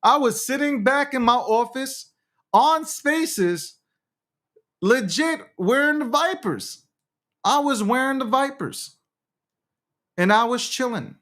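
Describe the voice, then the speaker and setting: A high-voiced man hosting a live crypto show, rattling off hyped, repetitive showman patter. He circles back on the same phrases again and again and talks straight to his audience. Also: lively intonation, takes it slowly, long pauses, a bit bright. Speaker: livestream host. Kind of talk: casual crypto livestream chat.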